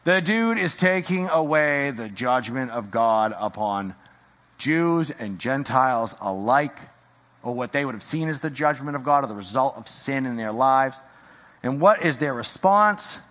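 A man preaching a sermon in a casual, animated way, slipping into slang and acting out the people in the story. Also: mid-range voice, normal speed, long reverb tail. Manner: animated, casual slang, acts out quoted voices. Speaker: pastor.

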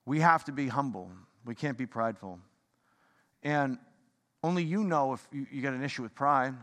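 A man preaching a sermon in a fired-up, rambling way, swinging from loud bursts to hushed talk. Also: medium pitch, moderate pace. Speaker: pastor. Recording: long hall reverb.

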